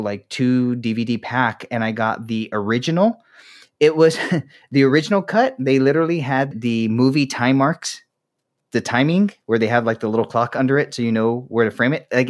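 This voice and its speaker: A man hosting a casual podcast chat, ranting with profanity and laughing often. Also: medium pitch. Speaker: podcast host.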